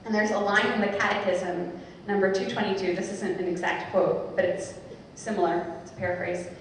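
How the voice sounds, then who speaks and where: A woman's voice: mid-range voice, a little fast, a little hiss or hum. Woman telling her story in an echoey hall. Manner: animated storyteller, acts out quoted voices. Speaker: Dominican sister telling her conversion story. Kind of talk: personal testimony talk. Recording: echoey hall, far from the mic.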